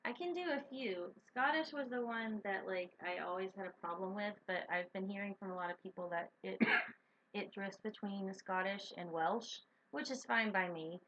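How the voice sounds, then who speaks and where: A woman co-hosting a casual chat, rambling with many pauses and fillers. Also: medium pitch, fairly bright tone. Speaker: co-owner of a role-playing stream. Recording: dull lo-fi stream audio.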